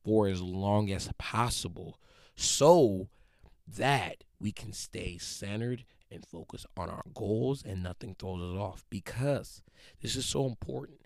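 A man in his twenties talks straight at the listener in a casual motivational monologue. He is slangy and animated, and his voice sits at a middle pitch. The sound is dry, with no room echo. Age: 20s. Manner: animated, slangy, acts out quotes.

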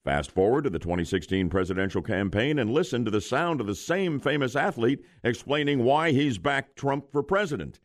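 Gravelly, animated male radio host. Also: mid-range voice, brisk, hardly any pauses. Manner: jokey, lively delivery. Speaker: radio morning show host. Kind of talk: morning radio chat and call-in game.

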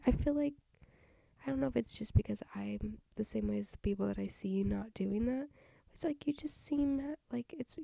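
A woman in her twenties with a slight southern twang, hosting a casual solo podcast, rambling softly with many fillers and restarts while her voice is going out. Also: a little high, no echo. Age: 20s. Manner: rambling, lots of fillers and restarts, soft breathy delivery. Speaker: podcast host. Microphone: home microphone.

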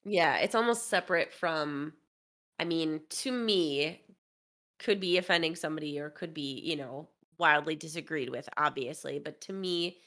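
Animated, low-voiced woman chatting casually. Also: normal speed. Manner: animated, opinionated, heavy use of "like". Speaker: podcast co-host. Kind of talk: casual chat.

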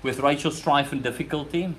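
A man's voice: a little high, fairly quick, slight background noise. A man with a South African accent preaching a sermon in church, earnest, often repeating words and restarting phrases as he presses his points. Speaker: pastor.

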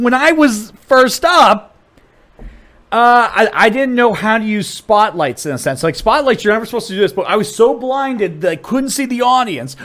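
A man from Ohio, a comedian, chatting casually on a podcast and telling stories with a lot of restarts and swearing. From Dublin, Ohio, USA. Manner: animated storyteller, voice jumps high and loud when acting out people. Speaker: comedian guest.

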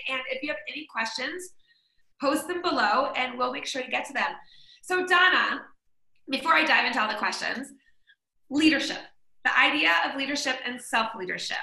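A woman's voice: high-pitched, creaky, pushed and bright, reverberant, low-quality recording. A woman hosting a live-streamed interview, enthusiastic and affirming toward her guest. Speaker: host.

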